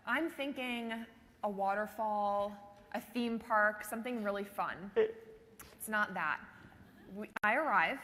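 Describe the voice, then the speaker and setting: A woman from Minnesota co-presenting at a conference, telling stories in an animated, amused way. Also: medium pitch, measured pace. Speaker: conference co-speaker. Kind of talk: lively storytelling to a live audience. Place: large conference hall. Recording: reverberant hall with faint ambient noise.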